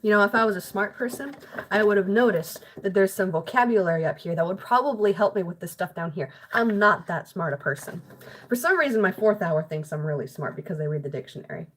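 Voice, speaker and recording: A woman's voice: mid-range voice, lively intonation, a little fast. A girl in her late teens, talking to herself at home in a rambling, self-deprecating, chatty way while doing homework. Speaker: vlogger.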